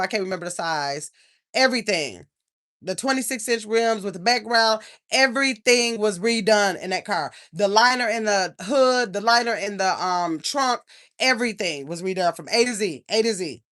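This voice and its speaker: A woman's voice: medium pitch, normal speed, fairly bright tone. An older woman, hosting a casual livestream, rambling and chatting with viewers. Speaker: channel host.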